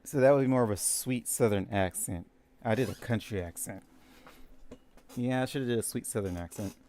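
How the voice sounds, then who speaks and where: A man giving low-key game commentary, musing to himself as he plays. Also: fairly quick, dark tone. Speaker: gamer.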